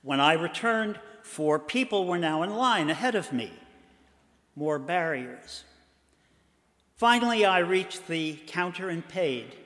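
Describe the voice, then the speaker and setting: An older man from Boston tells a personal story in a fairly high voice. He speaks slowly and in a measured way, with dramatic pauses. His voice rings in a long hall reverb. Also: animated, a bit bright.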